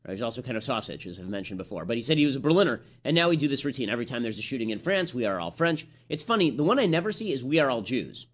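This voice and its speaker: A man runs through a political commentary monologue at a quick clip. He sounds combative and sarcastic and keeps restarting phrases as he pushes his points. His voice sits at a middle pitch. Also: big pitch swings.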